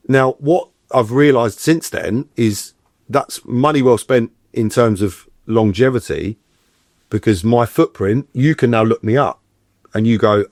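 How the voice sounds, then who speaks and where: Clean studio sound with no echo captures a middle-aged actor's mid-range voice moving at a measured pace. A guest in a casual interview, he tells stories animatedly and acts out every voice he quotes.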